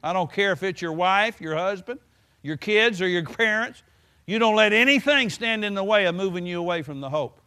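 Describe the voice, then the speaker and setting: A man's voice: high voice, expressive, moderate pace, bright, forceful tone. A man preaching a sermon in a folksy way, stretching words for emphasis and breaking in with "hallelujah.". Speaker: pastor.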